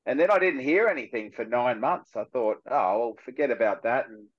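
Animated Australian actor telling stories. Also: male voice, mid-range voice, fairly quick, lo-fi sound. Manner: animated storyteller who acts out quoted voices. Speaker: actor guest. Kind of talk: casual radio chat.

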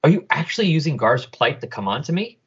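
A man's voice: a little high, big pitch swings, fast, fairly bright tone, breathy edge, exaggerated voice. A man voicing a cool, independent woman who speaks firmly and dismissively, on a dull lo-fi recording. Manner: dismissive, firm.

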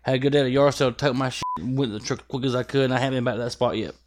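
A man's voice: medium pitch, steady tone, very fast, background noise. A man with a drawl swaps stories on a podcast mic. His voice sits in an ordinary middle range. He tells things with lots of profanity and acts out every scene. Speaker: guest. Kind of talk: casual storytelling chat.

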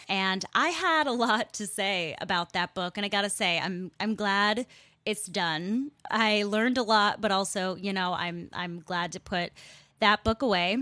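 Woman podcaster telling a story, animated and chatty, mid pitch, dead dry sound. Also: no room sound. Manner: chatty and animated, laughs as she talks. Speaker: podcast host.

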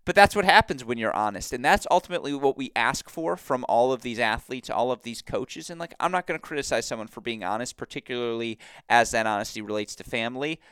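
A man hosting a podcast in a casual sports-analysis chat, talking in an animated, emphatic way and laughing easily. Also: medium pitch, quick pace, hardly any pauses, smooth, dry recording, clean studio sound. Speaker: podcast host.

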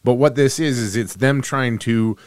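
Joking, animated man on a sports podcast. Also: mid-range voice, moderate pace, smooth, no echo, studio quality. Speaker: podcast co-host. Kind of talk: casual sports podcast chat. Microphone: remote call setup.

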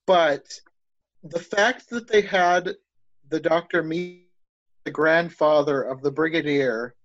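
A man's voice: a little high, slow pace. Enthusiastic man with a muffled dry sound. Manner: enthusiastic, rambling, thinks aloud with restarts. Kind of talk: casual chat.

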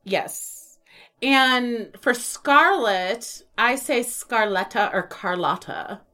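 A woman's voice: a little high, expressive, very slow, bright, forceful tone. Jokey woman cohosting a podcast, laughs a lot, voice jumps all over. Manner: playful and jokey, laughs easily. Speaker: podcast co-host. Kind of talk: casual podcast chat.

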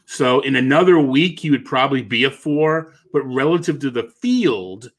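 A man with a Boston accent talks through pitcher picks in a relaxed podcast chat. He hesitates often and restarts his sentences. His voice sits at an ordinary middle pitch. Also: normal speed. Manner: hesitant, restarts and trails off, laughs easily. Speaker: podcast co-host. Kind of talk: casual fantasy baseball chat.

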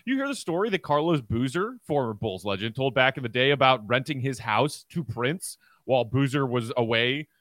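Bright, lively man host. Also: medium pitch, moderate pace, few pauses, no room sound. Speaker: podcast host. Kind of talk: casual chat.

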